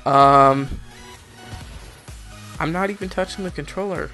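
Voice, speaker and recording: Young guy doing chill gameplay commentary, kinda high voice, griping about lag. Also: measured pace, pauses often, bright, forceful tone, soft background music. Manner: frustrated, rambling, laughing at lag.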